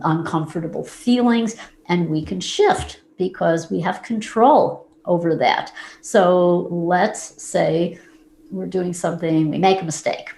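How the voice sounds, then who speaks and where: A woman psychologist answering interview questions in an explanatory way, growing lively when she challenges a point. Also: on the low side, gravelly, reverberant. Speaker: psychologist guest.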